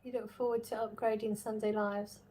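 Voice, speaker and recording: A woman's voice: mid-range voice, level tone, fairly quick, dark tone. A woman hosting a casual live stream, reading chat messages aloud, chatting and laughing often. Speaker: livestream host reading chat.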